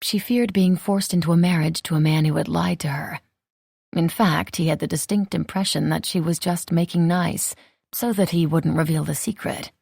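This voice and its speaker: A woman narrating a romance audiobook in an even, measured reading. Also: lowish voice, gravelly, breathy edge, no echo, clean studio sound. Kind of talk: scripted narration.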